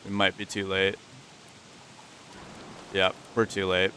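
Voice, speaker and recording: A man's voice: low-pitched, monotone, slow, sharp tone, slight background noise. Chatty self-mocking gamer man. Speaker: gaming YouTuber. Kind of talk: casual let's-play commentary.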